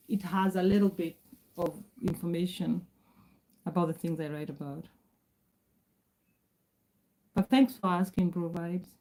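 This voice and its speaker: Kenyan-born woman in her forties, calm measured livestream host, mellow dark voice. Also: lowish voice, slight background noise, poor audio. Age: 40s. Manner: reads out viewer names and answers chat. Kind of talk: casual livestream chat.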